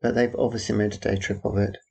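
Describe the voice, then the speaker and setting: A man's voice: on the low side, little pitch movement, quick pace, gravelly, a little mellow, husky. A man rambling through a personal audio diary, making dry, wry asides about passers-by. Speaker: theatre worker.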